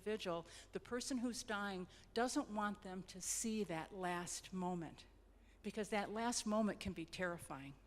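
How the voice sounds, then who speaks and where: A woman leading a grief support group, speaking gently and repeating words for emphasis. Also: mid-range voice. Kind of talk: reflective group talk. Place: church hall. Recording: reverberant hall.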